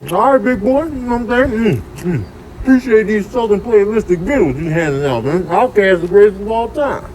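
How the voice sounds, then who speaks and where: Guy putting on squeaky swaggering street animal voices, bouncing all over, crowd laughing loud behind. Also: expressive, a little fast, slight background noise, low-quality recording. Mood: cocky. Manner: high-pitched, loud, slangy banter. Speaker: comedian voicing animals. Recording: clip with loud audience laughter.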